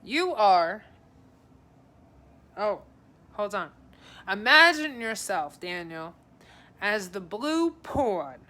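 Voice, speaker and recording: During a live-streamed reading, this psychic advisor speaks in a bright, clear, mid-range voice that's very animated. She takes it slowly and pauses often, staying chatty and informal as she calls viewers by name and passes along messages.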